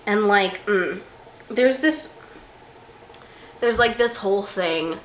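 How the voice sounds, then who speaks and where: A young woman talking through a book in a casual vlog. She is animated and self-mocking, swinging into mock outrage. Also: medium pitch, slow. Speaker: book vlogger. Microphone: camera mic. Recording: roomy room with faint hiss.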